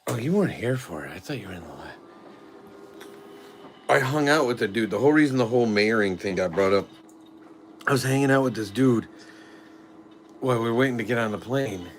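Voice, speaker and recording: A man's voice: medium pitch, animated, brisk, pauses often, slight background noise. A middle-aged father chatting casually on a family live stream, a rambling storyteller full of "like" fillers.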